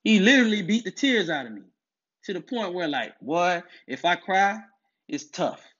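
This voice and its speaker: A man with a somewhat high voice lectures emphatically, driving his points home and repeating them. He sounds preachy and insistent. The audio comes through dull and lo-fi. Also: very animated, normal speed, fairly bright tone, slightly rough. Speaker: commentator on masculinity. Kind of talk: direct-to-camera monologue.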